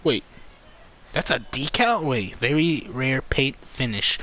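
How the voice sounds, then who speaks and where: A man commenting on his own gameplay, swearing a lot and swinging between loud outbursts and low muttering. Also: expressive, a little slow. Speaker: gamer.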